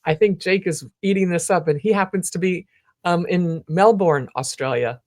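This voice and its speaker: A woman's voice: fairly low pitch, moderate pace, darkish tone. A woman hosting a live-streamed interview show, greeting viewers by name and putting questions to her guest. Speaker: talk show host.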